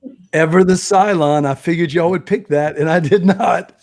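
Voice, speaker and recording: A man hosting a live game stream, talking in a lively and playful way. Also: on the high side, moderate pace, crowd noise. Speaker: host. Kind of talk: casual chat on a live stream.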